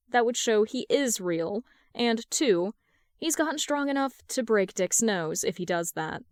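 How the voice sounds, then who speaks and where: A woman narrating a fan fiction story aloud in an even, measured reading. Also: medium pitch, no room sound, clean studio sound. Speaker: podfic reader.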